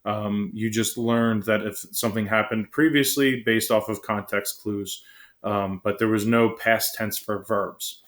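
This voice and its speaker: Guy teaching a class, kinda low voice, talks fast, says "right?" and "um" a lot. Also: fairly even intonation, a bit bright. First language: English. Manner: quick, conversational, frequent "right?" and "um". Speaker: lecturer. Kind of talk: classroom lecture.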